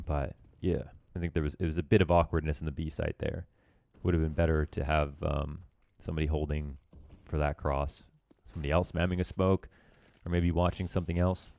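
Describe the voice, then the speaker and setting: Deep gravelly man breaking down gameplay. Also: darkish tone. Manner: loose, chatty, self-deprecating with filler words. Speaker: esports coach reviewing a match demo. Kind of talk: casual game analysis commentary.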